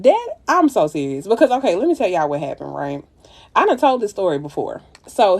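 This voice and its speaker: An animated woman, telling a story on a phone livestream while she does her makeup. Her pitch swings wildly, leaping high whenever she exclaims. Casual and profane throughout. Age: 30s.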